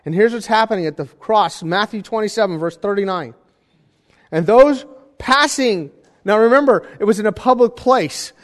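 A man preaching a sermon in a conversational style, with jokey asides and animated emphasis. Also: high-pitched, in a large hall. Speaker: pastor.

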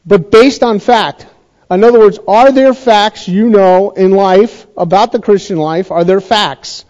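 A pastor explains scripture in a relaxed, mellow tone, his voice sitting fairly high for a man. He talks conversationally, repeating key points and asking whether his listeners are following. The recording sounds dull and slightly lo-fi. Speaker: pastor teaching a Bible study. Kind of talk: sermon-style Bible teaching.

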